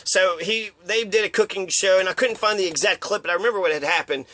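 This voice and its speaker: A man's voice: high voice, fast talker, sharp tone. A man giving a rambling, profane monologue of opinions, now and then acting out quotes in mocking voices. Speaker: commentator.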